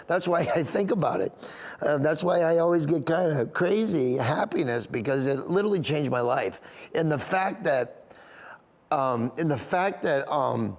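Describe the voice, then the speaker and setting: A comedian being interviewed, telling a story earnestly. He rambles and restarts often, and he openly gets emotional. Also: a little high. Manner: rambling delivery with frequent restarts.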